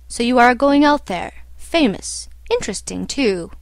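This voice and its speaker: An old, odd foreign doctor speaks calmly and matter-of-factly, as a woman reads him aloud. The voice sits a little high and is recorded close and dry. Nothing seems to ruffle him. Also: unhurried, dry recording. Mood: calm, detached. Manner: matter-of-fact, imperturbable. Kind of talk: audiobook character reading.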